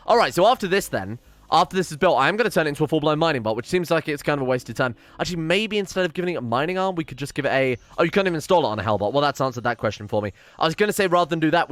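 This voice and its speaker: A young man casually commentating his own strategy game, thinking aloud, animated and swearing when frustrated. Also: mid-range voice. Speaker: gaming video host. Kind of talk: casual let's play commentary.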